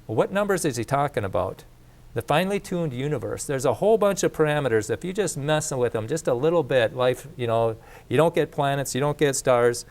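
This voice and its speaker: A man's voice: mid-range voice, lively intonation, fairly quick, darkish tone. A man teaching a faith course in a casual lecture, speaking conversationally with restarts and asides. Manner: conversational, repeats and restarts, plain speech.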